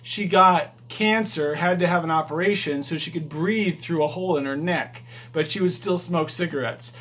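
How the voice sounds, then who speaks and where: A high-voiced man talks straight to his handheld phone camera as he walks through his house. His delivery is emphatic and motivational, full of asides and rhetorical questions. It sounds like a driver chatting casually to fellow drivers. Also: normal speed, fairly bright tone, a little hiss or hum. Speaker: rideshare driver and vlogger. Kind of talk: casual vlog talk to camera. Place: his house, walking from hallway to bedroom.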